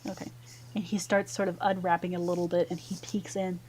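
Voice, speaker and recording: A woman narrating a tabletop fantasy game as game master, relaxed with many fillers. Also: fairly low pitch, a little fast, a little hiss or hum, rough recording.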